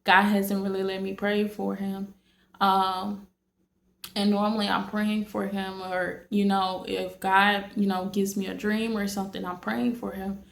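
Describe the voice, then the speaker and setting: Rambling woman vlogger with a gravelly voice. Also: medium pitch, level tone, measured pace. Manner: rambling, many fillers and restarts. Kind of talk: casual late-night talk to camera. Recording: echoey room.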